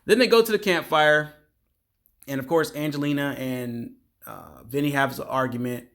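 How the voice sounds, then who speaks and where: A man's voice: a little high, normal speed, gravelly, fairly bright tone. Casual man recapping a reality episode. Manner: rambling, filler-heavy retelling with "like" and "you know". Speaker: show recap host.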